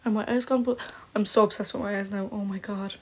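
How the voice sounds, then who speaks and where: A woman's voice: medium pitch, fairly even intonation, fast, darkish tone. A young woman with Polish parents who lives in Ireland, chatting casually on a phone livestream, reading comments and fretting with lots of "like". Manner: chatty, self-conscious, lots of "like". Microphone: phone camera.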